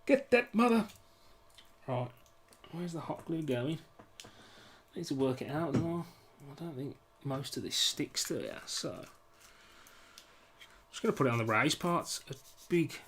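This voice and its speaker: A man's voice: mid-range voice, moderate pace, long pauses, a bit bright. A young British man with a British accent chatting casually with his live-stream viewers while he works at a bench, joking about himself and apologising a lot. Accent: British English. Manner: chatty, self-mocking, apologetic banter with chat.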